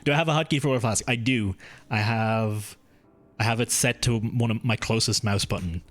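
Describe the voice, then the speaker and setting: A man's voice: on the low side, moderate pace, a bit bright. Rambling Irish man, mild accent. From Ireland. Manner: rambling, chatty, swears freely, stumbles over words. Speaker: game streamer. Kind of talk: casual live-stream chat while gaming.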